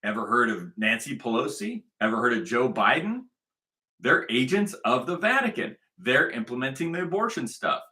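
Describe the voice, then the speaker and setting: A man's voice: mid-range voice, sing-song, normal speed, pushed and bright. A man delivering a combative, repetitive commentary monologue, hammering his points with emphasis. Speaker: online commentator.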